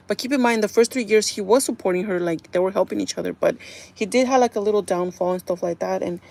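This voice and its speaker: A woman live streamer in casual chat, retelling a TV episode in a chatty, animated way and laughing often. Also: medium pitch, gravelly. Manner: chatty and animated, full of "like" and "kinda".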